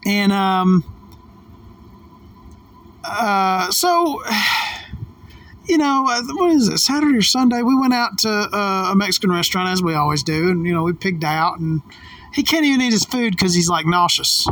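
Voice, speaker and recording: A woman's voice: medium pitch, lively intonation, measured pace, pauses often, fairly bright tone, far from the mic. Heated, swearing woman telling a story. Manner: profane, emphatic, heated. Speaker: vlogger. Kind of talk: casual storytelling.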